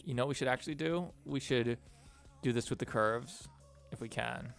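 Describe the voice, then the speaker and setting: A man's voice: mid-range voice, normal speed, gravelly, fairly bright tone, soft background music. A man streaming as an animator, chatting casually and thinking aloud while he works. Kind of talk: casual live stream chat.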